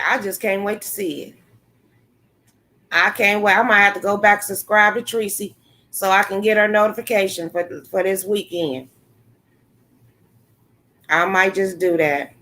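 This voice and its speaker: A woman hosting a casual livestream, talking bluntly to her chat viewers, swearing freely and reacting with animated commentary. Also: mid-range voice. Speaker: livestream host. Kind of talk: casual live-stream commentary.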